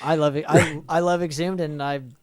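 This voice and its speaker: A man's voice: a little high, steady tone, moderate pace, no echo. A man hosting a casual chat, laid-back and saying "dude" a lot. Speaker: podcast host.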